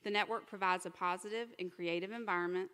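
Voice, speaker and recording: A woman chairing a committee, delivering a measured and formal prepared welcome speech. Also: on the low side, fairly even intonation, pushed and bright, smooth. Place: large event hall. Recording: hall reverb from a PA system.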